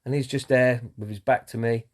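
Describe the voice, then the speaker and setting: A man in recovery shares his story in a personal talk to camera, speaking earnestly and candidly with many fillers and some swearing. His medium-pitched voice has fairly even intonation and moves a little fast.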